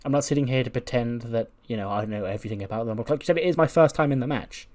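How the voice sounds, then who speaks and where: A man voicing a calm, philosophical female wrestler who rambles while she muses, in his own natural voice. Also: mid-range voice, fast, lightly acted. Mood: musing. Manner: rambling, musing.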